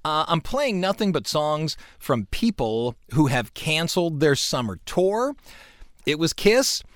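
A man's voice: on the high side, very animated, a little slow, dry recording, clean studio sound. A middle-aged man hosting a radio show, chatting casually and telling stories with sound effects and mock indignation. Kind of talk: casual on-air chat.

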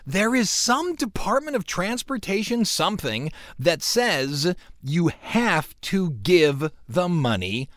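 Animated middle-aged male radio host. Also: high voice, takes it slowly, hardly any pauses, dry recording, clean studio sound. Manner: animated storyteller, adds sound effects and mock indignation. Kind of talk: casual on-air chat.

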